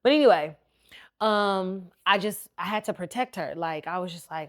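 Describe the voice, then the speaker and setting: A woman hosts a podcast and tells her own story. She talks a lot and acts out what each person said. Her voice sits a little low. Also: normal speed. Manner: animated, talkative storyteller who acts out quotes. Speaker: podcast host.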